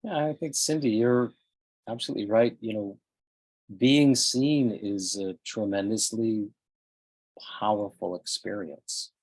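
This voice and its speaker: A man's voice: lowish voice, steady tone, measured pace, darkish tone, no room sound, low-quality recording. A man on a virtual panel, speaking in a conversational, affirming way over a video call. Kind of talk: panel discussion.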